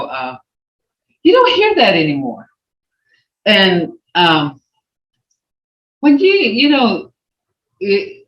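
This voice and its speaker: An older woman leads a language class on a video call, speaking at an unhurried pace. Her pitch rises and falls widely as she acts out expressions. The audio sounds muffled and roomy. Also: a bit bright. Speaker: language teacher.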